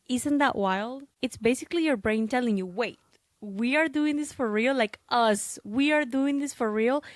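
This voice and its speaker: A woman's voice: mid-range voice, dry recording. A young woman hosting a podcast, talking in a casual, chatty monologue full of fillers and little asides. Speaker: podcast host and content creator.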